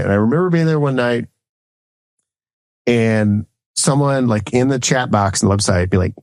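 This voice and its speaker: A man's voice: mid-range voice, dry recording. A man in his thirties, a former Marine officer, telling a story casually and rambling, with "like" in nearly every phrase and quoted exchanges acted out. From United States. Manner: fast, rambling, heavy use of "like", acts out quoted exchanges. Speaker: guest, Marine officer and entrepreneur.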